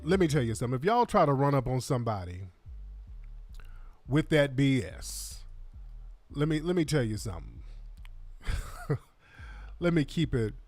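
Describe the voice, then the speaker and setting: A man's voice: mid-range voice, very animated, normal speed, long pauses, a little mellow, no room sound, faint music behind. A man hosting a radio show, giving blunt, slangy commentary. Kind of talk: commentary over played clips.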